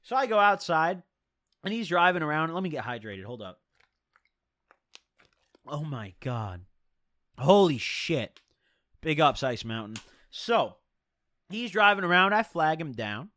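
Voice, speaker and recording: A young man spins a story for his stream in loose, swearing slang, his voice sitting a bit high and swooping up and down. The sound is close and dry. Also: big pitch swings, moderate pace, sharp tone, no echo. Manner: profane, rambling, slangy. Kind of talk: casual storytelling.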